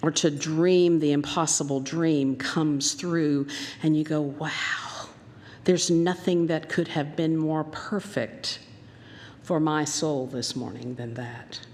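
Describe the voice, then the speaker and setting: A woman minister with a Southern American accent delivers a storytelling sermon. Her voice sits slightly low and she brings the quoted people to life. The sound carries a long reverb from the church hall. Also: steady tone, takes it slowly, a little mellow. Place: church sanctuary.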